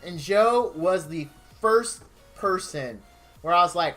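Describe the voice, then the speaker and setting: A man's voice: high voice, expressive, takes it slowly, fairly bright tone, faint music behind. A man streaming from his home game room, chatting casually with viewers in a gushing, openly emotional, rambling way.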